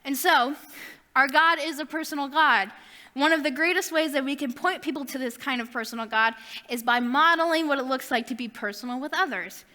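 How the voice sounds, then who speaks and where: A woman's voice: high-pitched, a little fast, bright, forceful tone, big-room sound. A young adult woman giving a casual youth sermon, chatty with self-deprecating asides. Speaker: youth ministry speaker.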